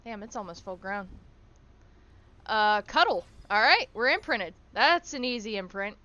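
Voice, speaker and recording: A woman's voice: mid-range voice, lively intonation, measured pace, sharp tone, muffled recording. A woman streaming a survival game, chatting casually, swearing freely and cooing at her in-game animals. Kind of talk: casual gameplay commentary.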